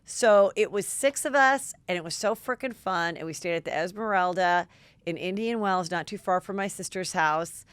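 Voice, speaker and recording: A middle-aged woman hosting a podcast, telling gossipy stories in a lively, chatty way. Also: lowish voice, smooth, no echo. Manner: gossipy, animated, quick asides. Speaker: podcast host. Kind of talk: casual chat.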